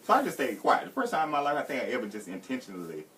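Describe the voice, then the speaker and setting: A man's voice: medium pitch, wildly swooping pitch, racing, fairly bright tone, recorded from a distance, slight background noise. A man, guesting on a radio talk show and chatting playfully, teasing and laughing often. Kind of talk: joking casual chat. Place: radio studio.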